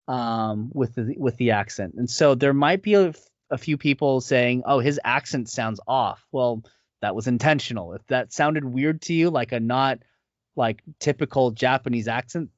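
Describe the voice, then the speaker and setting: A man's voice: mid-range voice, dry recording. Easygoing man with a dull lo-fi sound. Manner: rambling, many fillers and restarts. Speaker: voice actor guest. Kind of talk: casual interview chat. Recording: dull lo-fi audio.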